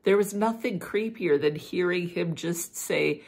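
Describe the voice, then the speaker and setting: A middle-aged woman talks casually and animatedly, peppering her speech with fillers. Her voice sits low, with a husky, gravelly texture. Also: unhurried. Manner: chatty and animated, full of "like" fillers. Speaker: beauty and fragrance vlogger. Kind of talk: casual chat.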